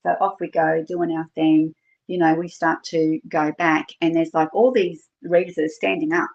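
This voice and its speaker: A middle-aged Australian woman, guesting on a podcast, casually recounts her experiences with fillers and quoted dialogue aplenty. Her low voice is creaky and a little mellow, with flat delivery at a moderate pace. The recording is a dull lo-fi one.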